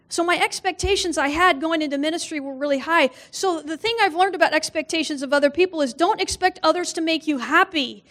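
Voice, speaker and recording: A woman's voice: extremely high pitch, a little fast, few pauses, fairly bright tone. A woman guest speaker giving a humorous sermon in a church, telling personal stories, acting out quoted voices and laughing often.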